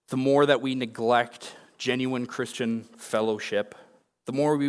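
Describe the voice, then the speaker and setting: A young adult man preaching a sermon as a pastor, speaking earnestly and personally. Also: medium pitch. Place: church sanctuary. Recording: long reverb of a large hall.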